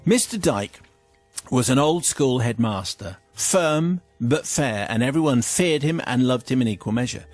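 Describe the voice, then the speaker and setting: English male radio host, playful letter-reader, mid pitch, faint music under. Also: expressive, unhurried, dry recording. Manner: playful storytelling with asides. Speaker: radio host reading listener confessions. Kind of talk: radio chat, reading letters aloud.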